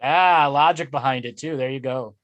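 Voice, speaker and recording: A man hosting a casual chat over a video call, agreeable and joking, sometimes stretching his words out slowly. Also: medium pitch, fairly bright tone, dry recording, highs cut off. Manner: agreeable, joking, slow and drawn-out at times. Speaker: host.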